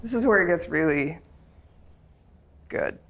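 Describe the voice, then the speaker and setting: A woman's voice: fairly low pitch, animated, measured pace, fairly bright tone. A woman leading a group Bible study, chatty and playful, laughing often as she explains the reading.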